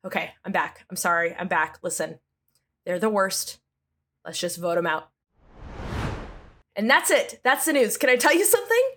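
A woman's voice: medium pitch, expressive, normal speed, pauses often, background noise. A woman hosting a solo news podcast, sarcastic and exasperated, breaking into jokey asides as she rants about politics. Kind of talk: comedic solo news commentary.

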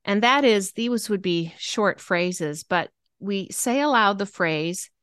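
Female podcast guest, mid-pitched and earnest, talks with a few ums, dry recording. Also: animated, slow pace, fairly bright tone, clear, resonant tone, dry recording. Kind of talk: casual interview conversation.

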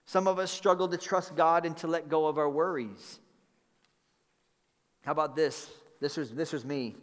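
Man, pastor, earnest conversational sermon, fairly high voice, long hall reverb. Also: steady tone, normal speed. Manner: earnest, conversational preaching with repeated phrases. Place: church sanctuary.

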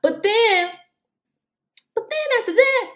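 A woman's voice: extremely high pitch, expressive, slow, fairly bright tone. A woman speaking in who has school-age kids, giving fiery, exasperated political commentary and repeating words for emphasis. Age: adult with school-age children.

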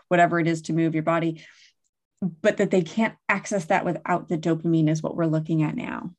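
Thirties woman, slightly low pitch, casual animated guest expert. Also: fairly quick. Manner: animated, acts out quoted lines to kids. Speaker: guest expert on child coping. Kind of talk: casual conversational explaining.

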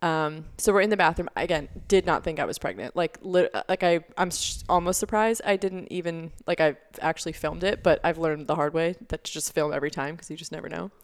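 Deep-voiced and brisk, this young woman barely pauses as she recounts a story on the podcast she co-hosts. The talk is casual and chatty, packed with fillers.

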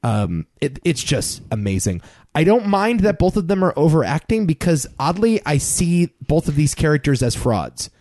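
A man's voice: fairly high pitch, very animated, moderate pace, darkish tone. A man co-hosting a casual film podcast, talking in an emphatic, opinionated way. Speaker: podcast co-host.

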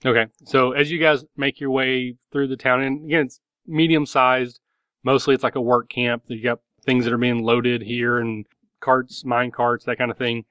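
A man's voice: mid-range voice, flat delivery, moderate pace, fairly bright tone, clear, resonant tone, dry recording. A man narrating a tabletop game as game master, loose and rambling with many fillers.

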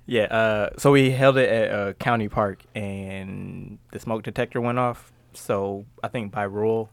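A man's voice: fairly low pitch, steady tone, measured pace, creaky. A man in casual podcast chat, easygoing and self-deprecating as he tells a story.

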